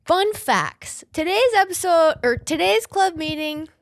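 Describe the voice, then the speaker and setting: A woman's voice: extremely high pitch, expressive, unhurried, no echo, clean studio sound. A woman in her twenties hosting a podcast, chatting casually in a rambling, profane way. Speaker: podcast host.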